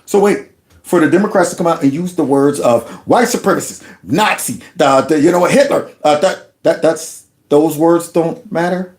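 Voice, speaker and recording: A man hosting reaction commentary, talking in an indignant, animated way and often stumbling over repeated words. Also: a little high, normal speed. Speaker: commentary host.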